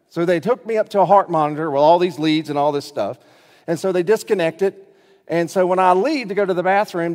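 A man's voice: high voice, a little mellow. Man preaching in a reverberant hall. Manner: folksy storytelling with frequent check-ins. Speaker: pastor. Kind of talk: sermon. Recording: long reverb of a large hall.

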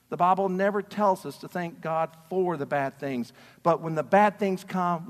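A man preaching a sermon as a pastor, passionate and swinging between quiet talk and shouting. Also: on the high side, long reverb tail. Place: church sanctuary.

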